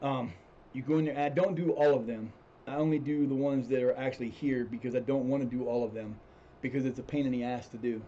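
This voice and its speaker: A man with a mellow, somewhat dark voice talks his way through a football management game on a live stream, circling back and restarting sentences as he thinks aloud. The audio is slightly dull and lo-fi, with a faint hiss underneath. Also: medium pitch, steady tone, fast. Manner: rambling, restarts sentences, swears when frustrated. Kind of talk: casual gameplay commentary.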